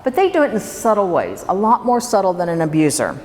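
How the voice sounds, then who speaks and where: Her mid-range voice swinging hugely in pitch, brisk and somewhat dark in tone, a woman presents a workshop to an audience in a hall. She talks conversationally and questions the room, in a reverberant recording with faint room noise.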